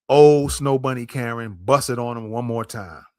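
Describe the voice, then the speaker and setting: A man's voice: mid-range voice, normal speed, darkish tone, no room sound, clean studio sound. A man hosting a podcast, commenting on a clip in an emphatic way, repeating his points and speaking straight to his listeners. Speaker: podcast host.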